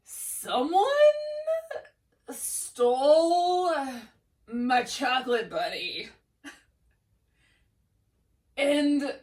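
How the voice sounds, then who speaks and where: A woman putting on a laid-back California surfer voice with a slow, drawn-out drawl. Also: high voice, reverberant, distant mic, heavily acted.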